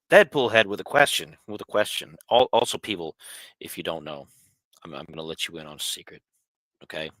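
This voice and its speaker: A man's voice: sits low, a bit bright, no room sound. A man hosting a casual live question stream from home, chatting and talking to his cat. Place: home, on a couch.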